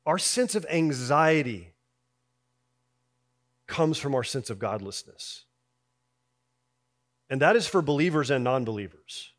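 A man giving a sermon as pastor, in a conversational way, dropping soft on key lines and rising when he voices people's doubts. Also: mid-range voice, expressive, measured pace, long pauses.

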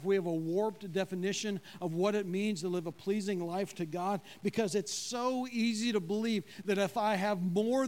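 A man with a fairly high voice preaching a sermon to his congregation. He speaks in a conversational way and keeps asking them questions. When he quotes God, his voice drops low and quiet. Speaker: pastor.

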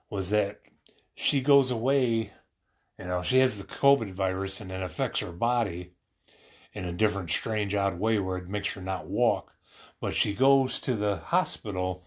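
A man's voice: lowish voice, a little slow. A man telling a personal story about his family in a rambling, earnest way, full of fillers and restarts.

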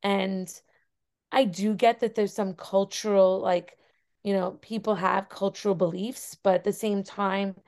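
A woman's voice: medium pitch, steady tone, measured pace, darkish tone. A young adult woman teacher, a podcast guest, telling a personal story earnestly with many fillers. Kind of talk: casual interview conversation.

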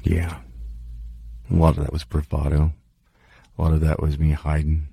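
Male host, deep gravelly husky voice, candid rambling self-talk, dry booth. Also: completely flat delivery, normal speed, warm tone, no echo. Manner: candid, profane, self-deprecating. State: dry mouth. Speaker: podcast host. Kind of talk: rambling personal monologue.

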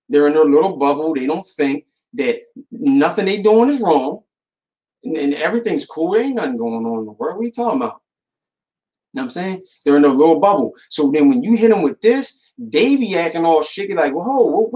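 Talking in street slang, this podcast host rambles through an animated solo monologue, often restarting and repeating words. He has a slightly high voice, and the audio is poor.

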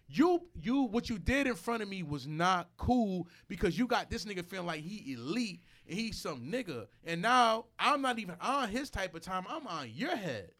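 A man's voice: sits high, bright, forceful tone. A man hosting a podcast who tells a story in a blunt, profane way and acts out the other people's lines. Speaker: podcast host. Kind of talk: casual chat, storytelling.

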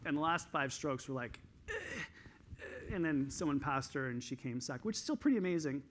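A Canadian man giving an energetic conference talk on stage, telling coaching stories in an animated way. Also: fast talker, a little hiss or hum. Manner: highly energized, animated storytelling.

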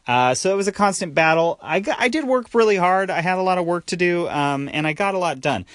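A man's voice: sits high, lively intonation, brisk, a bit bright, no echo, clean studio sound. Tired man hosting a solo podcast. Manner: candid, rambling with restarts and fillers. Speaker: podcast host.

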